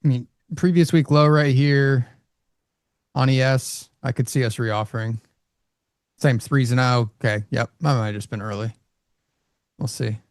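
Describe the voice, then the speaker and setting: A man's voice: mid-range voice, steady tone, normal speed, pauses often, no room sound, studio quality. A man co-hosting a live trading stream, thinking aloud about his trades and poking fun at his own calls. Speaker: co-host, futures trader.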